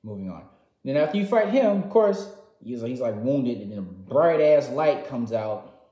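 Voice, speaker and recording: An excitable man tells a story in loose, slangy talk, jumping between loud bursts and quiet muttered asides. His voice sits at an ordinary middle pitch. The sound has a roomy echo around it. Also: normal speed. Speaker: gaming vlogger. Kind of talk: casual storytelling recap.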